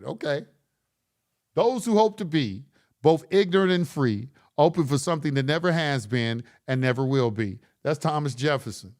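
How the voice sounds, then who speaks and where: Blunt, preachy middle-aged man. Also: fairly high pitch. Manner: blunt, profane, preachy, rising to impassioned. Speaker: online course host. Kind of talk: late-night livestream talk.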